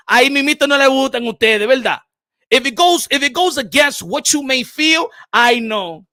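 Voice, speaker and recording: A very high-voiced man runs a boxing commentary stream, talking with bright, forceful energy. He hops between English and Spanish and hammers his points home by repeating them. The sound is dry and close. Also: animated, normal speed, no echo. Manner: repeats phrases for emphasis. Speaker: boxing channel host. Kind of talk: livestream commentary.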